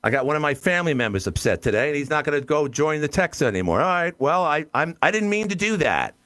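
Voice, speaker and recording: A man's voice: fairly high pitch, very animated, fast talker, a bit bright. An American man hosting a call-in radio show, blunt and exasperated, often cutting in on callers. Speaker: radio talk show host.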